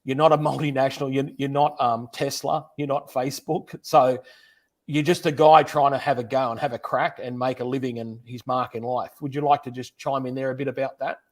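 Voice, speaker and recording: A man's voice: medium pitch, level tone, fairly quick. A man, hosting a casual livestream interview in a chatty, friendly way. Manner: chatty, friendly, repeats words. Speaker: host, interviewer.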